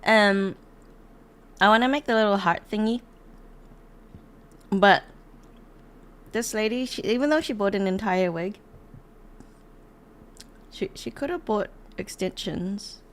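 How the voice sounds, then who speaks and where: A woman's voice: medium pitch, slow pace, pauses often. Young female streamer, loose and giggly, talks in rambling asides. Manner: chatty, giggly, rambling with fillers. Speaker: streamer reacting to videos. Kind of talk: casual chat.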